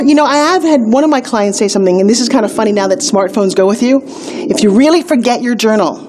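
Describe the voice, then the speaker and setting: A middle-aged woman giving a motivational video lesson on a weight-loss course, upbeat and emphatic, telling stories with quick asides. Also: on the high side, background noise.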